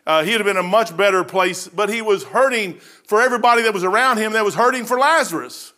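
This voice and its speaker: A man preaching a folksy, storytelling sermon as pastor, dropping to a hush and rising to shouts. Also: sits high, fast talker. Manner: says "man" often.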